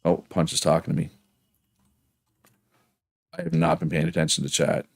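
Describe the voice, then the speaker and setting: A man with a Prince Edward Island accent rambles casually through a game stream, reading chat as he goes. His voice sits low and deep. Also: level tone, normal speed, vocal fry. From Prince Edward Island, Canada. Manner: rambling, chatty, reads chat aloud.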